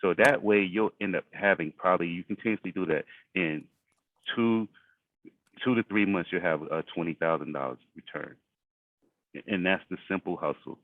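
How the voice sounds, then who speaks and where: A man's voice: sits low, moderate pace, dry recording. A man leading a group video call, giving motivational money advice and repeating phrases for emphasis. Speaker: group leader. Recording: tinny phone-like call audio.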